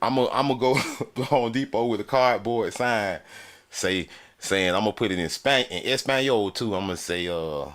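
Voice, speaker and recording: A man's voice: lowish voice, normal speed, fairly bright tone. A man ranting in a profane, mocking way, often laughing as he talks. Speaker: vlogger. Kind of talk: profane comedic rant. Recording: crowd chatter and noise behind.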